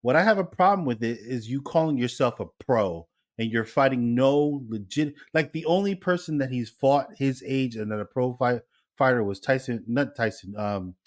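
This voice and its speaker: A man's voice: medium pitch, moderate pace. A man co-hosting a podcast in casual chat, blunt, profane and joking. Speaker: podcast co-host.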